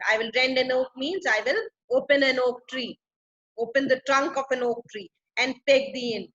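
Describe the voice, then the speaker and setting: Bright-voiced woman explaining a play. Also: sits high, moderate pace, highs cut off. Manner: paraphrasing and repeating for clarity. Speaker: English literature teacher.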